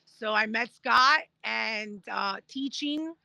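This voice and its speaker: A woman in her thirties, a guest telling her story in a casual interview, animated and acting out what others said. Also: on the high side, slow, vocal fry, no echo. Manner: animated, acts out quoted voices while telling stories. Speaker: guest, Paralympic discus thrower.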